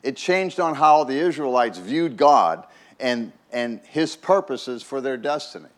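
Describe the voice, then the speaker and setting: A man's voice: mid-range voice, lively intonation, a little slow. A man preaching a conversational sermon as a pastor, folksy and chatty, often repeating words and checking in with "right?".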